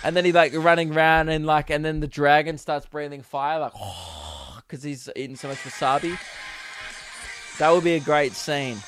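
A man's voice: fairly high pitch, flat delivery, normal speed, fairly bright tone, faint music behind. A young man, hosting a casual solo podcast, rambling and giggly with lots of fillers. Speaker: podcast host and comedian.

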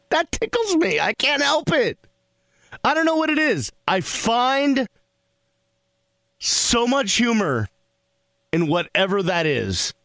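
Animated male sports radio host. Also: very high voice, slow, long pauses, no room sound. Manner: animated, laughing and rambling. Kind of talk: call-in radio banter.

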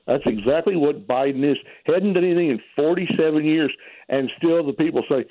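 Gravelly caller ranting over a phone line. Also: male voice, a little high, brisk, no room sound. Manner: heated, blunt, opinionated. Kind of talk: call-in phone rant.

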